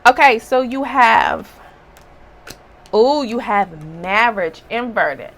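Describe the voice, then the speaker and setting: A woman's voice: a little high, big pitch swings, slow, fairly bright tone, a little hiss or hum. A woman giving a casual spiritual reading, talking bluntly and emphatically with a scolding tone. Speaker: spiritual reader.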